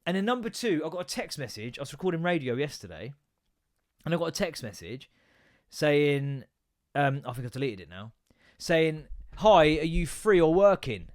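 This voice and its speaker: A man's voice: fairly high pitch, big pitch swings, normal speed. A man in his thirties hosting a solo comedy podcast, ranting and swearing with self-mocking asides.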